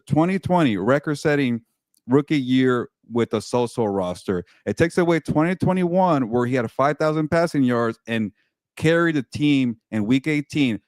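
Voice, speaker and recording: A man who reports on sports, talking casually on a podcast in a blunt, animated way with mild swearing. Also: mid-range voice, no echo, clean studio sound.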